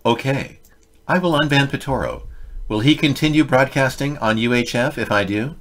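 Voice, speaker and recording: A man's voice: medium pitch, moderate pace, fairly bright tone. A man hosting a casual political commentary livestream, reading chat with rambling, sarcastic asides.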